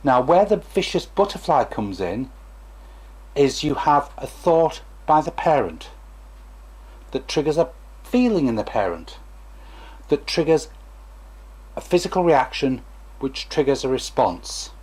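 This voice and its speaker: A man's voice: mid-range voice, big pitch swings, measured pace, long pauses, a little mellow, slightly rough. A former stammering therapist, a man, gives a chatty, digressive talk to camera and acts out examples as he goes.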